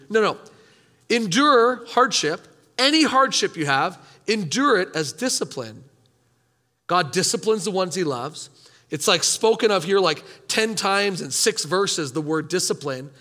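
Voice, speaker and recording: A man's voice: sits high, pushed and bright, in a large hall. A man preaching a sermon as pastor, talking conversationally and emphatically, putting rhetorical questions to his congregation. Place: church hall.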